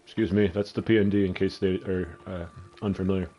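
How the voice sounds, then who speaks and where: A man's voice: sits low, flat delivery, a little fast, highs cut off. A man with a Canadian accent, telling a rambling, profane story while playing a game. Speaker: gaming vlogger. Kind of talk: casual storytelling over gameplay.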